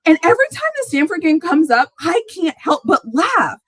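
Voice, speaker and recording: A woman chats on a live sports stream in a high, lively voice that swoops way up when she gets worked up. She laughs through her sentences and exclaims often. The sound is dry and close. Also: moderate pace, no room sound, poor audio. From Texas fan, not origin. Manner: animated, laughs often, exclaims in rising squeals. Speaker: sports talk livestream host. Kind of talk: casual live chat.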